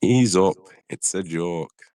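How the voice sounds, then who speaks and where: A man's voice: sits low, slow pace, warm tone, no echo. A man voicing a jovial self-made male steam-engine army major with a Lancashire accent, short of breath. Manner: joking, friendly officer's address.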